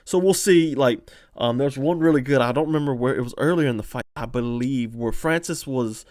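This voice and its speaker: Excitable man breaking down a fight. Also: mid-range voice, brisk, no room sound, studio quality. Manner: animated, excitable, frequent fillers and restarts. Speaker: podcast host analyzing fights. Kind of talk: casual live-stream commentary, reading chat.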